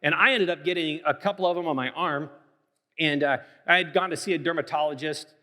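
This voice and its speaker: Candid storytelling pastor with a higher voice, big hall reverb. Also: male voice, a little fast. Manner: candid, animated storyteller with many fillers. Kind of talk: sermon with personal storytelling. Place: church sanctuary. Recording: long reverb of a church hall.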